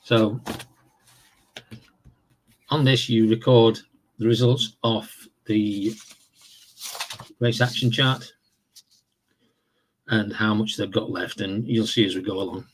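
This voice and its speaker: A man casually walking through the rules of a horse racing board game, explaining in a relaxed, rambling way with fillers and self-corrections. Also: fairly low pitch, slow, long pauses, slight background noise. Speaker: tabletop game reviewer. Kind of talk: casual tabletop game walkthrough.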